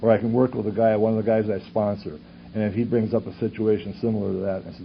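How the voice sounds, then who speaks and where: A man from Wisconsin telling his personal story at a recovery conference, speaking earnestly and asking rhetorical questions while his voice swings from loud to hushed. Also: fairly low pitch, steady tone, fast, vocal fry. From Superior, Wisconsin. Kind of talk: personal testimony talk. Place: conference hall with audience. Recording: dull lo-fi tape recording with faint hiss.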